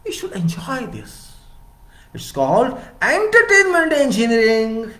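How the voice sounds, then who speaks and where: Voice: medium pitch, sing-song, unhurried, fairly bright tone, echoey room. An engineering lecturer in a rambling, playful monologue who asks rhetorical questions and answers them.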